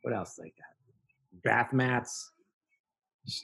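A man's voice: medium pitch, very slow, vocal fry, fairly bright tone, breathy edge, low-quality recording. A middle-aged man, a guest artist, chatting casually and enthusiastically on a podcast and laughing often.

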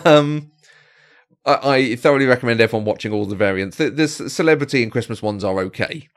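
A man's voice: medium pitch, a little fast. A man co-hosting a casual podcast, chatty and enthusiastic, often restarting his sentences and laughing. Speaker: podcast co-host.

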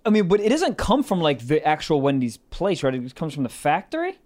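A man's voice: fairly high pitch, huge pitch swings, brisk, darkish tone. A man co-hosting a comedy podcast, laughing and swearing freely in loose banter. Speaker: podcast co-host.

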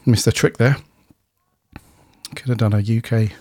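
A man's voice: fairly low pitch, fairly even intonation, slow, dry recording. A man co-hosting a podcast, laid-back and teasing in casual banter. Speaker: podcast co-host.

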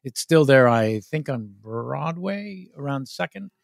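A man's voice: medium pitch, animated, unhurried, vocal fry, no room sound, clean studio sound. A man hosting a comedy podcast, chatting casually and reading out listener mail, often interrupting himself. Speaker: podcast host.

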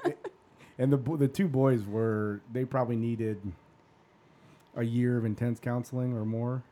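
A podcast host in his forties with a warm, mellow tone and a voice of ordinary pitch. He rambles through a personal story in casual chat, restarting his sentences and dropping curse words without a second thought. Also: steady tone, unhurried. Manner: rambling, swears freely.

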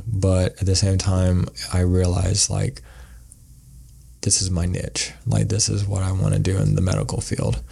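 A man's voice: deep voice, completely flat delivery, measured pace, creaky, warm tone, slightly rough. A man, a podcast guest, telling a story in a casual, rambling way and acting out the quoted lines. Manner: rambling, acts out quoted dialogue.

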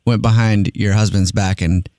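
A man hosting a radio show, chatting casually, quick and joking, with frequent laughs. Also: lowish voice, fairly even intonation, mellow, dry recording, clean studio sound.

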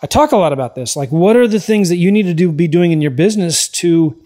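A man hosting a podcast, giving emphatic motivational advice and often checking in with a quick "right?". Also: high-pitched, animated, dark tone. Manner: emphatic, repeats key points, frequent "right?" tags. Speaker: podcast host.

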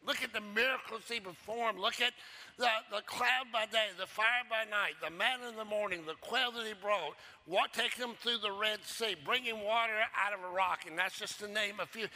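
A male pastor preaching a sermon, emphatic and repetitive, swinging from loud declarations to hushed low phrases. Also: moderate pace.

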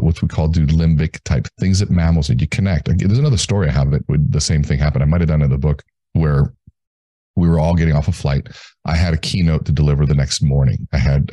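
Interview guest, male, deep voice, measured and deliberate in telling stories. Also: mellow, no room sound. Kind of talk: storytelling in a podcast interview.

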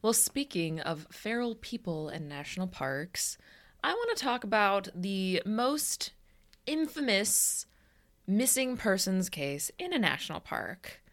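A woman's voice: medium pitch, big pitch swings, takes it slowly. A woman co-hosting a podcast in casual chat, easygoing and agreeable. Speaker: podcast co-host.

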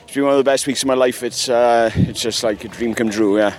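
A man from Wales speaks outdoors after a hard race. He is emotional and close to tears, his voice at a middle pitch. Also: steady tone, fast talker, a little mellow. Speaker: race finisher.

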